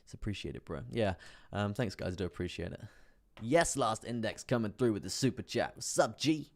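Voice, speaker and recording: Young guy live streaming, deep gravelly voice, chatty and loose, lots of "guys" and "um". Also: fairly quick, a little mellow. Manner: casual, chatty, full of fillers and "guys". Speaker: crypto trading streamer.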